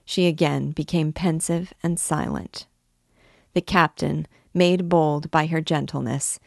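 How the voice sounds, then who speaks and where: Woman, middle-aged, classic novel read-aloud, deliberate, dry close sound. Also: deep voice, gravelly, no room sound. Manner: measured, deliberate storytelling. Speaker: literature teacher reading aloud.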